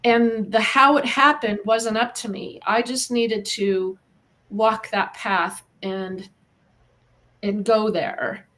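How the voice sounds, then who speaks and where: Her voice is a little high and a bit bright, with a steady tone and slow delivery. She is a middle-aged animal communicator from Eastern Washington, US, appearing as a podcast guest and describing her own path in an earnest, encouraging way.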